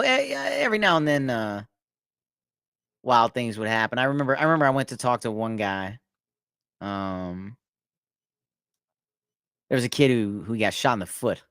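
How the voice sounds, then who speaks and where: A man telling stories about his past work in a casual chat, animated and laughing often. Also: normal speed, pauses often, smooth, dry recording. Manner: animated, laughs often, acts out inmates in a loud high voice. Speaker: podcast guest. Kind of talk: casual storytelling.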